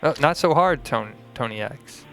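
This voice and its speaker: A man's voice: mid-range voice, lively intonation, moderate pace, fairly bright tone, smooth, soft background music. Mock-earnest man co-hosting a comedy call-in. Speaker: co-host. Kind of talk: comic improv call-in.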